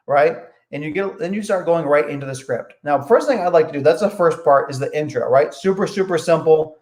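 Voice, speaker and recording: A young man with a fairly high voice coaches viewers on making sales calls, in a casual spoken lesson. He talks conversationally, doubles back on his words, and acts out the lines a caller might say. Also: brisk, hardly any pauses. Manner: conversational, repeats phrases, acts out sample phone calls. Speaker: real estate investing coach.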